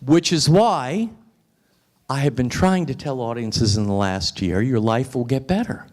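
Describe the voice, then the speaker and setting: A man's voice: mid-range voice, measured pace, a little mellow. A man giving a motivational speech at a restaurant luncheon, emphatic and repeating phrases for effect. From United States. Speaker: guest speaker. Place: restaurant event room.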